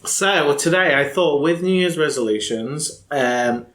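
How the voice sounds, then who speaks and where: A man's voice: fairly high pitch, expressive, unhurried, a bit bright. A man hosting a podcast in casual chat, rambling with lots of fillers. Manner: chatty, rambling with many fillers. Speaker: podcast host. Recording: echoey room.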